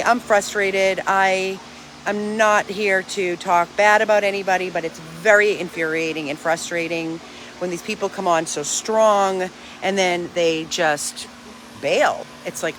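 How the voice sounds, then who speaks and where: A woman's voice: medium pitch, normal speed, a bit bright, a little hiss or hum. A woman who runs a dog rescue, talking to her followers outdoors in an earnest, emphatic, chatty way. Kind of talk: casual vlog to followers.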